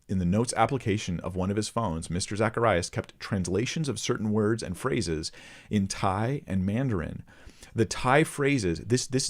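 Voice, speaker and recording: A man hosting a ministry channel, reading a report aloud and stopping to comment earnestly to his viewers. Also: sits low. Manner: earnest, addresses viewers directly. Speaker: host of a Christian ministry channel.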